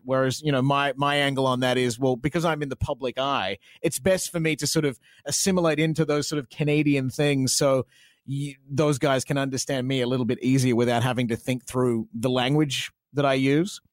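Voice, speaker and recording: A man's voice: mid-range voice, fairly even intonation, fairly quick, no room sound, clean studio sound. A man in his thirties with an Australian accent, a radio presenter talking frankly as an interview guest, full of restarts. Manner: chatty, frank, many restarts and fillers. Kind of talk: casual interview chat.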